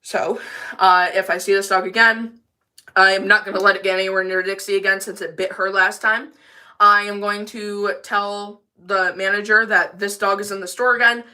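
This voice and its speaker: Bright-voiced woman ranting on a livestream. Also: mid-range voice, flat delivery, moderate pace. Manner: emphatic, defiant, rambling. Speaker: livestreamer with a service dog. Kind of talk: casual livestream rant. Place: bathroom.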